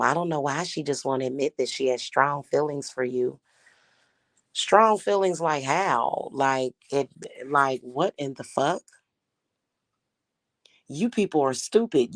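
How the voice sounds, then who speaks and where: A woman's voice: extremely low pitch, dry recording. A young woman venting in an angry, profane rant, blunt and scornful as she talks. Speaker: spiritual reader and vlogger. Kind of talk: angry ranting monologue.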